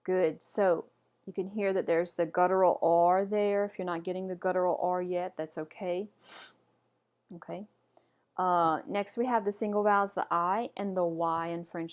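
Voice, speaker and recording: In an online lesson, a woman speaks at a measured pace with a fairly low, slightly mellow voice and fairly even intonation. She patiently teaches pronunciation, repeating every word with care and offering the learner encouragement.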